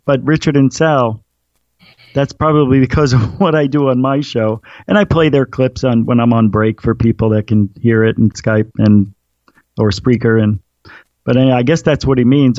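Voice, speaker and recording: A man's voice: medium pitch, darkish tone, dry recording, dull audio. A man who hosts a paranormal radio show, chatting as an interview guest and telling rambling stories with lots of fillers. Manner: rambling storyteller with frequent fillers. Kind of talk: casual interview chat.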